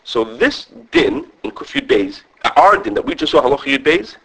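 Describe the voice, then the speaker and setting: A man teaching a lively halachic class to students. He talks quickly, restarts often, checks in with "okay", and mixes Hebrew and Yiddish terms into his English. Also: on the high side, gravelly, husky, low-quality recording. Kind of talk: animated halachic lecture with students.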